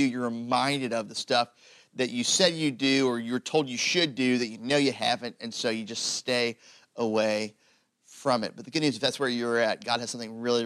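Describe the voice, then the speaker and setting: A man preaching a sermon in a loose, conversational way, full of "like" and "you know", building to emphatic points. His voice is bright and forceful, at a middle pitch for a man. The sound is dry and close. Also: dry recording. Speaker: pastor.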